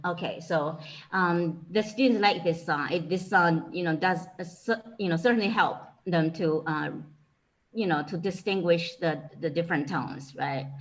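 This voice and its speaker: A woman's voice: fairly low pitch, poor audio. Chinese-accented woman teaching with many fillers. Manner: many fillers like "you know" and "okay". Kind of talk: informal online lecture.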